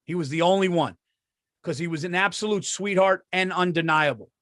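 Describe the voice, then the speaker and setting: A middle-aged man tells animated stories in casual podcast chat and acts out the people he quotes. His voice is fairly high for a man. The sound is close and dry. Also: a little fast, no echo. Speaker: podcast co-host.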